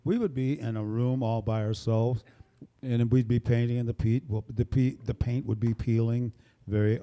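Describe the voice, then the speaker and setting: An older man chats from a small stage, rambling through introductions with plenty of jokes. His voice is mellow and dark, sitting at an ordinary pitch. He sounds relaxed and easygoing, like a bandleader at home with his audience. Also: lo-fi sound. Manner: jovial, rambling, joking. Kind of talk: casual stage banter. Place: small performance space, live audience. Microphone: stage microphone.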